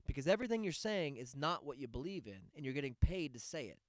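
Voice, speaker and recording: A man's voice: medium pitch, very animated, fast talker, no echo, clean studio sound. A man hosting a podcast, going on a sarcastic, profane rant in a casual monologue. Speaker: podcast host.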